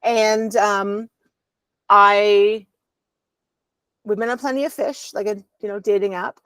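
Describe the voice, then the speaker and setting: A woman's voice: medium pitch, fairly even intonation, slow, a bit bright, clean tone, no echo. A woman, a podcast guest, candidly telling a personal story at home over a video call, with a rambling flow and frequent ums.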